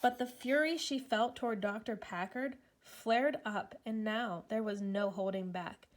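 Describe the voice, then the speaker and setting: A woman with a fairly high voice reads a children's novel aloud. Her narration is steady and measured, a plain storytelling delivery.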